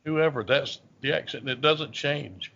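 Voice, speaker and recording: A man's voice: on the high side, unhurried, vocal fry, bright, forceful tone, a little hiss or hum. A male host in a casual interview, chiming in with eager fan remarks and fillers. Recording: dull recording.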